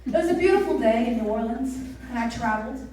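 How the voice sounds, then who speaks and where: A woman preaching a youth sermon, telling a story in a chatty, animated way and asking the crowd questions. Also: on the high side, quick pace, slight background noise. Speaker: youth pastor. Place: church service hall. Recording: roomy echo, mic from a distance.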